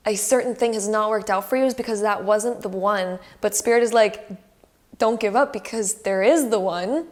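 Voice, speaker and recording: A young woman giving a casual pick-a-card tarot reading to her camera. She talks in an effusive, emotional way and says "like" a lot. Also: a little high. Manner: chatty and effusive, heavy use of "like", emotional. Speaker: tarot reader. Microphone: camera close by.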